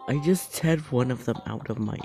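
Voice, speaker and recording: Giggly reader with lively pitch. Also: normal speed, soft background music. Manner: laughs often while reading; apologizes for laughing. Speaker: video creator. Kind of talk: reading funny texts aloud.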